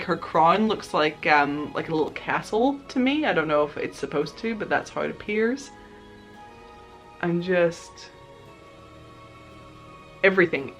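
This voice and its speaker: Young woman vlogger, casual unboxing chat, excitable and gushing, faint music bed. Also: fairly low pitch. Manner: excitable, gushing, chatty with many fillers.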